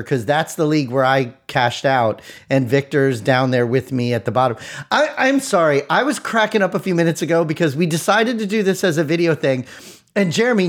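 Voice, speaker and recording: Show host, lively pitch, teasing and giggly delivery. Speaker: fantasy football podcast host. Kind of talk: casual chat.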